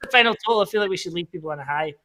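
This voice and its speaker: A woman's voice: fairly low pitch, rapid-fire. A woman musician chatting casually and easily between songs at an online charity gig. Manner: relaxed, chatty, laughs easily. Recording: loud music behind the voice.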